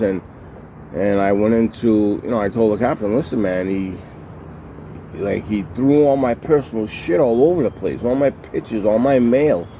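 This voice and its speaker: A man's voice: on the low side, normal speed, dark tone, a little hiss or hum. A man recounting his time in prison in a heated, profane way, repeating himself and acting out what people said. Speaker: former prisoner telling his story. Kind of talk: casual storytelling to camera.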